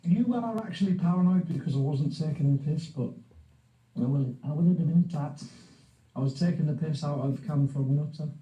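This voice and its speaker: Man on voice chat, crude and joking, very dark, mellow tone, slightly high, echoey room. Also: moderate pace, muffled recording. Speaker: voice chat participant. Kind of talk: casual chat.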